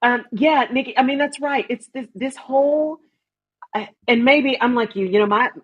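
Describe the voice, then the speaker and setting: A Texas woman hosts an interview show, sharing a personal story and affirming her guest in casual conversation. Her voice is high and slightly rough, at a moderate pace, and the audio is dull and lo-fi.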